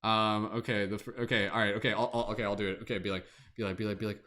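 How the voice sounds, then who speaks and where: A man's voice: on the low side, little pitch movement, racing, hardly any pauses, sharp tone. Young male host, casual and rambling, lots of fillers and self-corrections. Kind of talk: casual improv game hosting.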